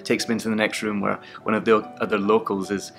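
Young man retelling stories, lowish voice. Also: quick pace, gravelly, faint music behind. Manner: animated, laughs often, acts out quotes. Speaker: actor and audiobook narrator. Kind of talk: casual anecdote retelling.

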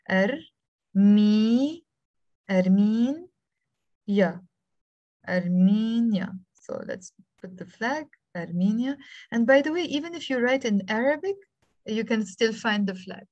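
Teaching a beginners' language class online, a woman with a Lebanese accent patiently spells letters one by one over a video call and encourages her students in this live Arabic lesson. Her pitch is medium, there's no room sound, and the high frequencies are cut off.

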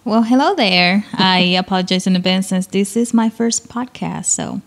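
A woman's voice: on the low side, fairly even intonation, moderate pace, vocal fry. A woman with a French accent, a first-time podcast guest, speaking hesitantly and modestly. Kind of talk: casual podcast chat.

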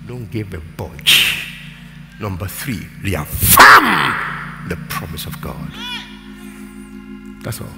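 Nigerian pastor preaching in an echoing hall. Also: male voice, deep voice, expressive, slow, pauses often. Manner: preaching with shouted, sing-song declarations and storytelling. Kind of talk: live church sermon. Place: large church hall. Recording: roomy church hall with music behind.

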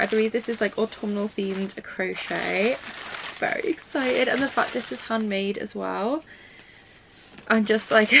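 A woman's voice: medium pitch, vocal fry, fairly bright tone, a little hiss or hum. A young woman vlogging about books to camera at home, chatty and gushing, full of "like" and "um". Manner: chatty, fills talk with "like" and "um"; gushing, squeals with delight. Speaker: book vlogger. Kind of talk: casual chat to camera. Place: home library room. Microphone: camera mic.

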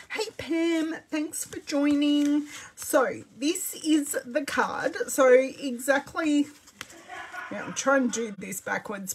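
A woman's voice: high-pitched, slight background noise. A middle-aged Australian woman hosting a casual crafting livestream, chatting and greeting viewers by name as she works. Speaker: craft demonstrator livestream host.

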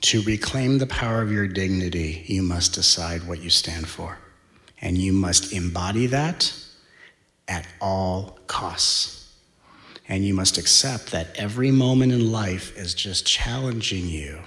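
A man giving a spiritual talk in a playful way, moving from hushed to animated. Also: sits low, a little slow. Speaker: spiritual teacher.

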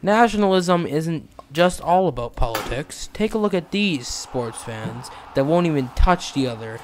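Guy narrating a school video, plain read, slightly high voice. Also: expressive, moderate pace, slight background noise.

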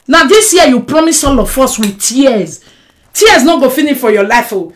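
A Nigerian woman ranting on a live stream. She swings between shouting and muttering, mixing Pidgin and English. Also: sits high, animated, normal speed, very noisy. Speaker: social media personality. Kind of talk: emotional live-stream rant.

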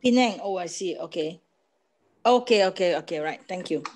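A woman's voice: on the low side, animated, normal speed, a little mellow. A woman, a student on an online class, asking hesitant questions over a video call.

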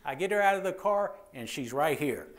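A man's voice: fairly high pitch, fairly quick, crowd noise. A man, a police officer giving a training lecture, joking and telling stories, often repeating words and checking in with the audience. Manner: lively, joking storyteller who repeats words and checks in with "okay?".

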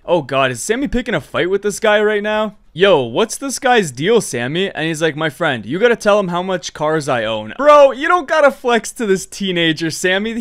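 Upbeat male gamer, high bouncy voice, slangy excited play-by-play. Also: clear, resonant tone. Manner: excitable, slangy, reads other players' chat aloud. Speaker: gaming creator. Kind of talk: gameplay role-play commentary.

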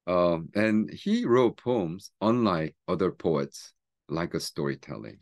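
A man, a seminary teacher and pastor, chatting casually about a book and reading its poems aloud slowly and softly. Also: low voice, big pitch swings. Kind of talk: book talk with poetry reading.

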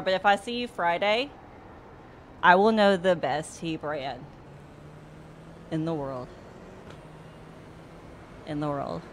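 At her home sim racing setup, a young woman from the US South, Mississippi specifically, streams and talks casually to viewers, laughing frequently and cursing occasionally. Her mid-range voice is a bit bright, and the desktop USB mic adds a little hiss or hum.

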